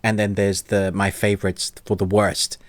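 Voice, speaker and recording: A man hosting a casual movie podcast chat, playful and quick to laugh. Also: fairly low pitch, level tone, dry recording. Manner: playful, laughs often, runs a movie-quote quiz. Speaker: podcast host.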